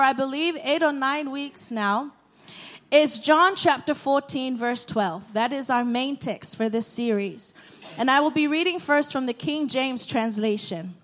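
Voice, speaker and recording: Slow, high-voiced woman preacher. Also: a bit bright. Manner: call-and-response with congregation, reads scripture aloud. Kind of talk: sermon.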